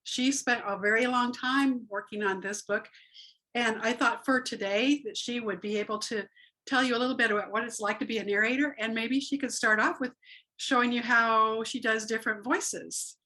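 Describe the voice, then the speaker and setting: A woman's voice: a little high, steady tone, normal speed, sharp tone, low-quality recording. A woman author hosting a casual interview, friendly and encouraging toward her guest. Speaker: author, host.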